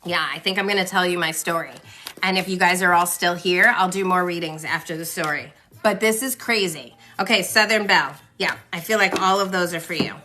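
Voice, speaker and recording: A woman's voice: fairly low pitch, a little fast, pushed and bright, a little hiss or hum. A woman in her forties giving chatty, reassuring tarot readings on a live stream, speaking to viewers by name. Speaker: tarot reader. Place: home, livestream. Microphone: phone.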